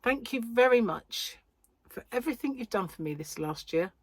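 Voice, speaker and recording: Speaking to camera from a corner of her home, a crochet vlogger and yarn shop owner from the United Kingdom rambles through casual chat, often cutting herself off. Her British English voice is fairly high, husky and lively in intonation, at a normal speed, with no room sound.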